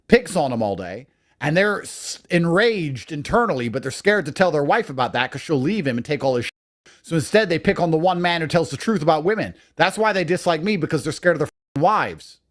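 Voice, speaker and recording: A man's voice: fairly high pitch, sing-song, brisk. A man delivering a crude, lecturing rant as an online commentator. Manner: mocks others in put-on voices. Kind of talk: profane reaction rant.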